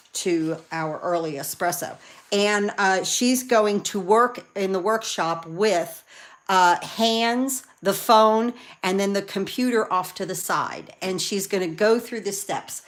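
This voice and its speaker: A woman chatting excitedly with viewers while she demonstrates card making live from her craft room. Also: mid-range voice. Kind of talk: live crafting demo chat.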